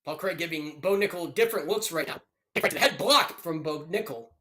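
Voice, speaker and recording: A young man provides animated, joking play-by-play for a live fight broadcast, occasionally shouting out. He speaks somewhat quickly, his voice a little high.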